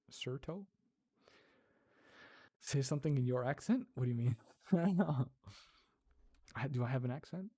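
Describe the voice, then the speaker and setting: A man's voice: mid-range voice, dark tone, breathy edge, no echo, studio quality. A man from Europe hosting a casual livestream, chatting with viewers, laughing often and sounding out Portuguese words. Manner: chatty, laughs often, answers chat while practicing Portuguese aloud. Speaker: livestream host and ASMR creator.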